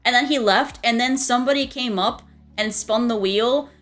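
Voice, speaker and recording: A woman's voice: on the high side, moderate pace, a bit bright. A young woman streamer chatting casually, rambling with many restarts and frequent giggles. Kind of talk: casual chat.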